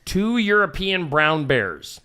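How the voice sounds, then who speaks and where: A man's voice: on the high side, very animated, slow, pushed and bright, clean tone. A man hosting a casual morning show, reading odd news stories in a joking way. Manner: jokey, reads odd news stories and puts on silly voices. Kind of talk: casual radio show banter.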